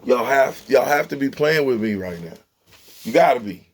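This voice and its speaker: A man's voice: mid-range voice, lively intonation, normal speed. A man giving an emphatic, exasperated breakdown of a football game, preaching straight at the players. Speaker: football commentator. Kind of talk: animated sports commentary vlog.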